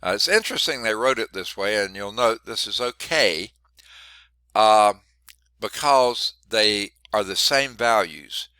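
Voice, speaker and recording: A man teaching a math class while congested and short of breath, clearing his throat often and adding wry asides. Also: on the low side, lively intonation, measured pace, bright, forceful tone, dry recording. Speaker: math instructor. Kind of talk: classroom lecture.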